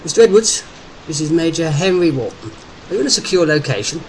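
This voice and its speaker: A man voicing a brisk male army major who gives clipped, authoritative orders in a spoken story. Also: a little high, sing-song, voice pushed up. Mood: commanding. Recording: noisy background hiss.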